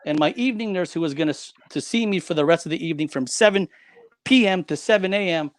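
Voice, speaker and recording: A man's voice: a little high, fast. A man who is a guest on the show, telling a personal story in an emphatic, dramatic way and repeating key lines.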